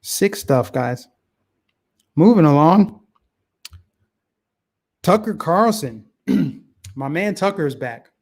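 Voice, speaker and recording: A man hosting a casual talk show, giving opinionated political commentary that is animated and heavy on repeated phrases. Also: a little high, takes it slowly, pauses often.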